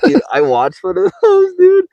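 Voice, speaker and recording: A man's voice: extremely high pitch, huge pitch swings, normal speed, vocal fry, no echo, highs cut off. Laid-back young man, casual co-host. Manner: laid-back, calls people dude and bro, swears casually. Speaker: podcast co-host. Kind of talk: casual chat.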